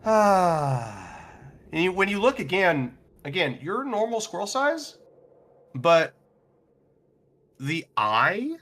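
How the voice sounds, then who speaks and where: A man narrating a tabletop role-playing game as game master in a relaxed, playful way. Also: sits high, normal speed.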